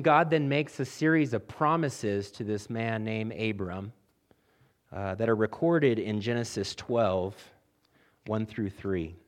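A man preaching a sermon as pastor, building emphasis with repeated phrases and addressing the congregation directly. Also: mid-range voice.

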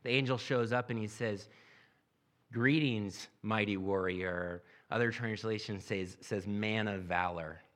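A man's voice: fairly low pitch, steady tone, a little slow, a bit bright. A man preaching a sermon, reading scripture aloud and then explaining it in a plain, conversational way. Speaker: pastor.

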